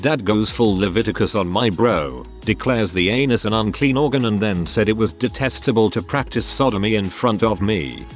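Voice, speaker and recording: A man's voice: on the low side, animated, moderate pace, few pauses, soft background music. A man reading online stories aloud as the regular narrator, in scripted storytelling narration.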